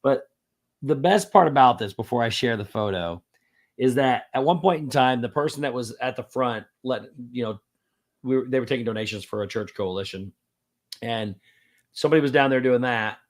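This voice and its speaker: A man from Indiana tells stories to his co-hosts with an easy, mid-pitched voice. He is animated and chuckles often as he recounts his stories. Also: moderate pace. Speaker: podcast host. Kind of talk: casual chat, storytelling.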